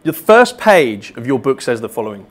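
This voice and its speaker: A man's voice: mid-range voice, big pitch swings, normal speed. A man with a mid-range voice hosts a panel in a large hall at a business event. He takes questions from the room and from online in an upbeat, casual way, with plenty of fillers. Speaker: event host and moderator. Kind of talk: moderating a panel Q&A.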